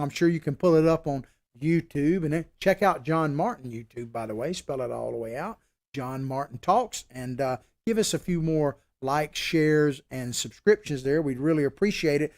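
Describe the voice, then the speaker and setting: A man's voice: fairly high pitch, normal speed. A middle-aged man hosting a political talk show, giving opinionated, emphatic commentary in a conversational way.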